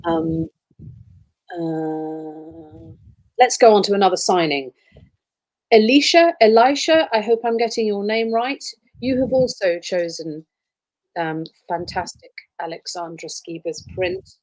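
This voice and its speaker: A middle-aged woman who grew up in Wales, chatting warmly on a livestream as she signs prints for fans, with plenty of ums and soft asides. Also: medium pitch, slow, no room sound, poor audio. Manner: warm, gushing, with many ums and soft trailing asides. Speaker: voice actress signing prints for fans. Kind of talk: casual livestream chat.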